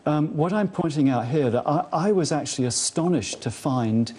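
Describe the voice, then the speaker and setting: A man's voice: fairly high pitch, expressive, moderate pace, mellow, slight background noise. A man speaking as a TV studio guest, hesitant and stammering slightly. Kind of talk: TV interview remarks.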